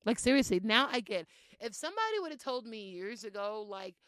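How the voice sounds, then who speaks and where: A woman's voice: on the high side, a little fast, clean tone, no room sound. A young woman hosting a podcast in a casual solo monologue, brash and heavy on swearing. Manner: brash, profane and animated, with laughs. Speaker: podcast host.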